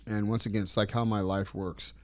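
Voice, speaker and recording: A middle-aged man telling stories in a casual interview, rambling and animated as he acts out the dialogue. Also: on the low side, brisk, no echo. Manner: rambling, animated storyteller acting out quoted dialogue. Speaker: interview guest.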